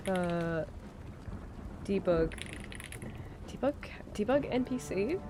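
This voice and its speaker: A woman's voice: medium pitch, animated, measured pace, pauses often, darkish tone, a little hiss or hum. A sick woman streamer with a strained throat, chatting casually while watching videos, rambling and giggling a lot. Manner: giggly, rambling, easily amused. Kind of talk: casual live-stream chat.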